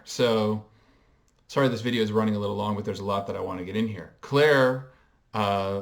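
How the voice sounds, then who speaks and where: Man, mid-pitch, reflective vlogger; measured, hesitant delivery full of ums. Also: fairly bright tone. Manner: explains and coins terms in a measured way. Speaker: pop culture vlogger. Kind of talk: casual commentary.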